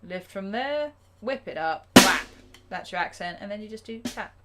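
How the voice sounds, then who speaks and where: A woman teaching a live drum lesson, chatty and self-deprecating, counting beats out loud. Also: medium pitch, animated, normal speed, over loud music. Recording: drum kit playing loudly behind.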